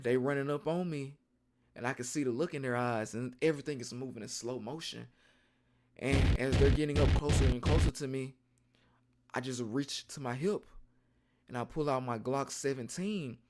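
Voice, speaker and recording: A young man streaming, telling a rambling story in a casual, slangy and animated way. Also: mid-range voice.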